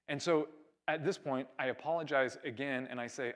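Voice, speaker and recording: A young man from California preaching a sermon, telling a story with lively acted-out dialogue. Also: mid-range voice, moderate pace. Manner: animated storyteller, acts out quoted dialogue. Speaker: pastor.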